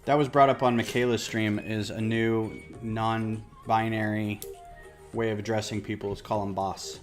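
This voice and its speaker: A man's voice: lowish voice, flat delivery, normal speed, faint music behind. A man chatting casually on a livestream while he builds, rambling and self-deprecating. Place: home office.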